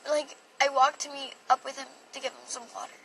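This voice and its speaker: This young woman's high voice is flat, creaky, fairly bright, and a little fast as she shares a personal story on a phone livestream. Her telling wanders emotionally, full of "like." She's away from the mic, and faint background noise is present.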